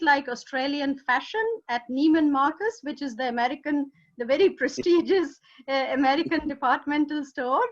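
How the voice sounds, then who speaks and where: A woman interview host with a high voice draws out her guest with steady, encouraging affirmations. Her audio sounds dull and lo-fi. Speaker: interview host, fashion teacher. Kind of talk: interview chat.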